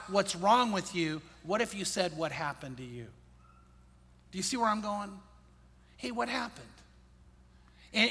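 A pastor with a very high-pitched, sharp voice preaches a sermon in a conversational, storytelling way, repeating his key phrases. The recording carries a long hall reverb.

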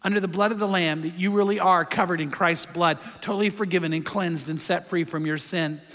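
A male pastor preaching with emphasis, often asking his listeners questions. His voice sits high and sounds bright and forceful. It carries a long hall reverb. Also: steady tone, a little fast. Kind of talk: sermon.

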